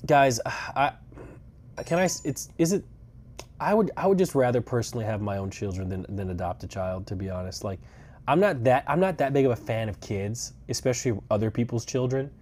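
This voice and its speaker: Speaking fairly quickly in a medium-pitched, darkish voice, a young man streams live from his rental car during a road trip. He rambles casually, swears, and adds dry sarcastic remarks.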